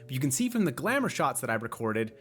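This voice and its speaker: A playful game developer narrating a behind-the-scenes video, joking as he goes. His voice is mid-pitched and even. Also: quick pace.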